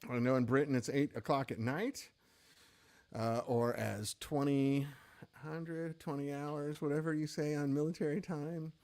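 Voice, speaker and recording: Chatty, tired man, slightly high voice. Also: fairly even intonation, a little slow, a little mellow. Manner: chatty, rambling, self-deprecating. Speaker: host of a gear shop livestream. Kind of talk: casual livestream chat.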